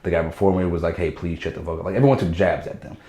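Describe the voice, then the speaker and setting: Deep-voiced comic guy rattling off a story quick, jumps into little voices, roomy echo. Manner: animated, acts out quotes in shifting voices. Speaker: stand-up comedian, guest. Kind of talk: casual storytelling chat.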